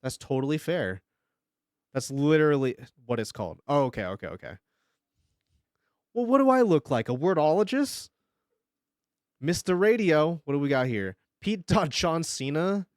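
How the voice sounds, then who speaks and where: A man streaming live, chatting casually and joking as he reacts, laughing often and breaking into excited bursts. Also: fairly high pitch, moderate pace, clear, resonant tone, no echo, studio quality. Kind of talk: casual live-stream commentary while drawing.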